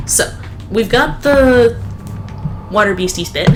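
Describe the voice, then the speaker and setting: Lively woman reading game notes. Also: a little high, soft background music. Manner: reads notes aloud in a slow, solemn voice. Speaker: let's play co-host reading in-game notes. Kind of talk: casual gameplay chat and read-aloud.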